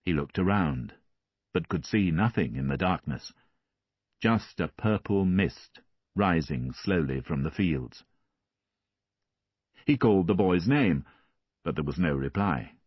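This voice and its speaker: A man reading a classic novel aloud as an audiobook narrator, measured and expressive. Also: low voice, husky, no room sound, lo-fi sound.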